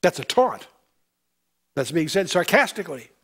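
A man's voice: high-pitched, big pitch swings, moderate pace, fairly bright tone, breathy edge. A man giving a verse-by-verse Bible lecture, reading scripture aloud and breaking in with pointed commentary. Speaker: Bible teacher.

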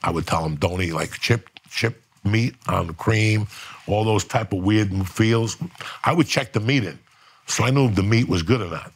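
Gravelly, profane storytelling man. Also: on the low side, normal speed. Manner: profane, animated storyteller acting out quotes. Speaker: podcast guest. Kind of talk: storytelling on a comedy podcast.

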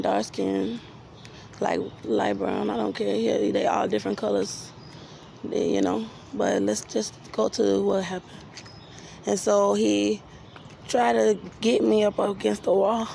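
Gravelly-voiced woman telling a rambling story. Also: mid-range voice, darkish tone, a little hiss or hum. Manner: rambling, repeats herself, many restarts. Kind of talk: personal storytelling monologue.

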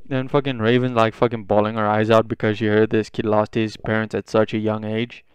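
A young man casually retelling a fan story, rambling and swearing, quickly acting out the characters' lines. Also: fairly low pitch, completely flat delivery, clean tone, dry recording. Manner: rambling and profane, acts out dialogue in quick bits.

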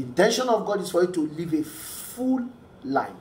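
A man's voice: high voice, very animated, moderate pace, reverberant, a little hiss or hum. A man preaching a sermon, earnest and repeating key phrases for emphasis.

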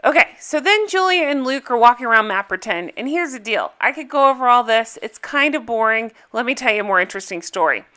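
A woman's voice: on the high side, lively intonation, quick pace, hardly any pauses, sharp tone, clean tone. A woman chatting casually as she recaps a reality TV episode, gossipy and full of fillers.

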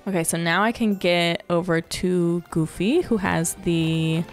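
A woman hosting a casual let's-play, chatting excitedly and squealing little cheers as she plays. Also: fairly low pitch, unhurried, soft background music. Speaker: gaming channel host.

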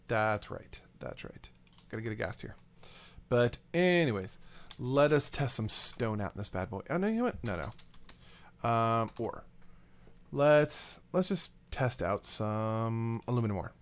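A man giving casual, rambling gameplay commentary as a let's play host, getting excited and chatting to the items he handles. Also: mid-range voice.

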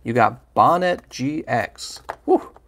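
A man's voice: medium pitch, expressive, slow pace, a bit bright, a little hiss or hum. A man hosting a livestream, chatting casually and playfully while opening trading card packs and teasing viewers by name.

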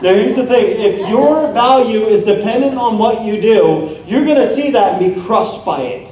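A man preaching with lively storytelling, his mellow voice pitched a little high. He sounds distant in a roomy hall, and the recording is dull and slightly noisy. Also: normal speed. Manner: energetic, storytelling, acts out quoted people. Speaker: guest preacher. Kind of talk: sermon with personal stories. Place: church hall.

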